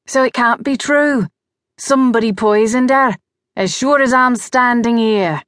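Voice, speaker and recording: A woman's voice: a little high, measured pace, no room sound, clean studio sound, natural voice. A woman narrating an audiobook, voicing a grieving, bitter male ghost who is a father. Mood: insistent. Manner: bitter, insistent. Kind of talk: audiobook character voice.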